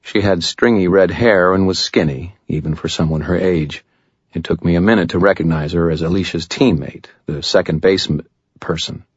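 A man's voice: deep voice, moderate pace, husky, dry recording, highs cut off. A man narrating a story in the first person with a wry, sardonic delivery. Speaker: audiobook narrator.

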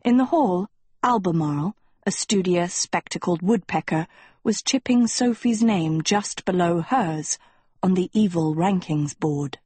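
A woman reading a storybook aloud with measured, expressive narration. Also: lowish voice, husky, no echo. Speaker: audiobook reader.

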